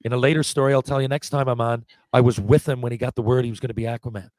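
A man in his forties, a podcast guest, telling lively anecdotes in casual talk, acting out what people said and often restarting his sentences. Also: medium pitch, very fast, no echo. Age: 40s. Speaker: podcast guest, former hockey player. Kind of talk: casual storytelling.

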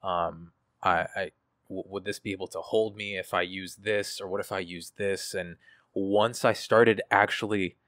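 A man's voice: low voice, steady tone, a little slow, fairly bright tone, no echo, studio quality. A man, a guest artist in an interview, talking candidly in a casual, profane and reflective way, with many fillers.

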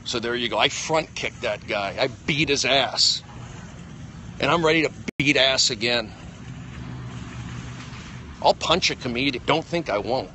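A middle-aged man, a comedian livestreaming from his phone outdoors, ranting in agitated bursts that jump between loud outbursts and low mutters. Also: a little slow, pauses often, a little hiss or hum. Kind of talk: rambling livestream rant.

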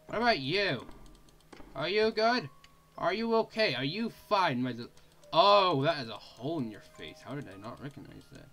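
A man giving let's play commentary on a horror game, excitable and jumpy, yelping and screaming and using mild swears. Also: fairly high pitch, moderate pace, soft background music. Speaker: gaming channel host.

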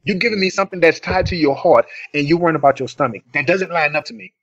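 Earnest higher-voiced man on a lo-fi podcast. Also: fast, a bit bright. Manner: earnest, emphatic. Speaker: podcast co-host. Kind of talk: casual chat. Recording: dull, dry lo-fi audio.

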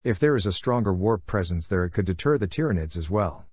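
A veteran male warrior-monk speaks calmly and in measured terms, as a man reads his part. His voice sits low. The sound is close and dry. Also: husky, no room sound.

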